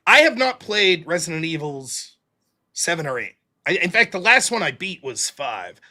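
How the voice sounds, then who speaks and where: Male show host, high bright voice, animated, loose and profane. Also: moderate pace. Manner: animated storyteller, swears freely. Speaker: podcast host. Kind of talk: casual chat.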